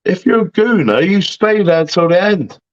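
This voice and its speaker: A heated caller vents down a muffled line. His voice is a little high and swings widely in pitch as he repeats his complaints. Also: lively intonation, moderate pace. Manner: fired-up, swearing, repeating himself. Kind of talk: heated phone-in call.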